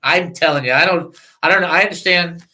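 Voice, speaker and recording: A man's voice: a little high, brisk, pushed and bright, low-quality recording. A man hosting a radio show, teaching from the Bible in a candid, self-deprecating, chatty way.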